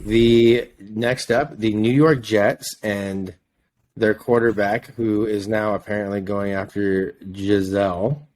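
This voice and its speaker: A man's voice: lowish voice, level tone, slow, a little mellow. A man hosting a casual sports podcast, joking as he reads through the weekend's game picks.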